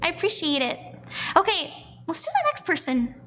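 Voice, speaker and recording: A woman's voice: very high voice, sing-song, moderate pace, pushed and bright, soft background music. A woman doing tarot readings on a live stream, chatty and giggly as she reads the chat aloud.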